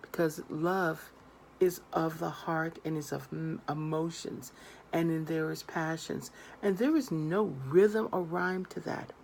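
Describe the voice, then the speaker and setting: A woman's voice: sits low, steady tone, a little slow, vocal fry, darkish tone, a little hiss or hum. A woman tarot reader giving earnest, emphatic advice straight to her viewers. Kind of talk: direct-to-camera advice monologue.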